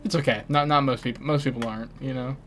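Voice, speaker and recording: A man's voice: medium pitch, fairly even intonation, fast talker, fairly bright tone, slight background noise. A young American man streaming a game, teasing his chat and friends in casual banter. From United States. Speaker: gaming streamer. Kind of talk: casual live-stream chatter while playing. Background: faint music and keyboard typing.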